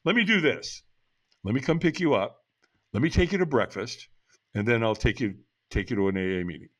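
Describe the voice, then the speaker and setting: A man voicing a friendly, easygoing man from his recovery group, relaxed and cheerful. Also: mid-range voice, fairly quick, lightly acted.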